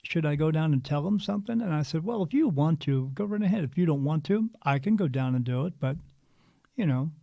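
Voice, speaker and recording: An earnest man in his fifties tells his story with animated restarts. His voice is gravelly and mellow, a little higher than most men's. The sound is dry and close. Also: fairly quick, no room sound. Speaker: spiritual medium guest. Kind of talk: casual storytelling interview.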